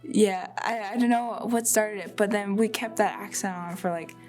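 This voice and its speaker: A woman's voice: mid-range voice, normal speed, darkish tone, faint music behind. A young woman from a film crew recalling the shoot in a chatty way, full of fillers. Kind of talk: behind-the-scenes recollection.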